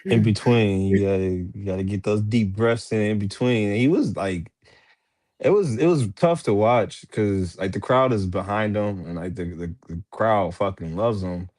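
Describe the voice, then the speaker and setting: A man cohosts a podcast in relaxed conversation. He has a lowish voice and reacts in short, easy comments. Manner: laid-back, short reactions. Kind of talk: casual chat.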